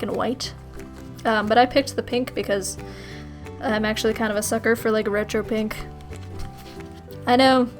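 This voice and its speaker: A young woman with a fairly high voice chats through viewer questions in a loose, rambling way. She breaks into giggles often, and faint music plays underneath. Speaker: YouTuber. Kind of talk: casual Q&A vlog.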